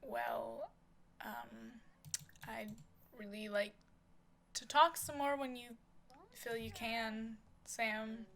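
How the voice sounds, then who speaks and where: Woman voicing a soft-spoken, awkward young man. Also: a little high, very slow, creaky, pauses often, heavily acted. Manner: soft, awkward, gently pleading.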